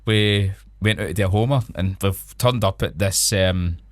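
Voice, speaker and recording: Scottish male co-host, middle-aged, relaxed anecdotal chatter, dry close recording. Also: sits low, normal speed, no echo. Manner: chatty storyteller, laughs often. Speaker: podcast co-host. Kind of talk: casual chat.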